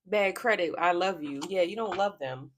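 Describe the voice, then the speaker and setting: A woman's voice: on the low side, moderate pace, a little hiss or hum. A woman giving a casual tarot reading to camera, blunt and profane, often cracking up laughing. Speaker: tarot reader.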